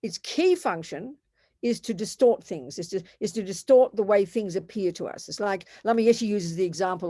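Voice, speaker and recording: A woman's voice: lowish voice, dark tone, no echo, clean studio sound. An older woman giving an earnest, emphatic Buddhist teaching, repeating phrases for stress. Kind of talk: dharma talk.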